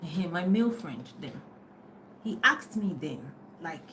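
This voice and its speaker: Talking on a phone live stream, this middle-aged woman coach in life and business keeps things chatty, frequently drifting off track and breaking into laughter. She speaks animatedly at a measured pace in a fairly low pitch, with background noise present.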